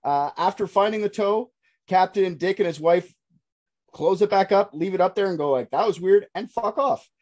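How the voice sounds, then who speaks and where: Animated, jokey male storyteller. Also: sits high, moderate pace. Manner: animated, jokey, swears freely. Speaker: podcast host telling a story. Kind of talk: casual storytelling with profanity.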